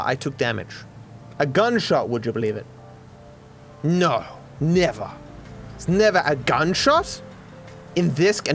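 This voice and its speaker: A gaming streamer with a fairly high pitch and fairly bright tone gives livestream gameplay commentary, joking at his own expense, swearing freely and talking to his chat.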